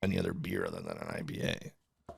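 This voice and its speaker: A man's voice: extremely low pitch, big pitch swings, fairly quick, vocal fry, breathy edge. A man co-hosting a comedy podcast, teasing his co-host in casual, playful banter.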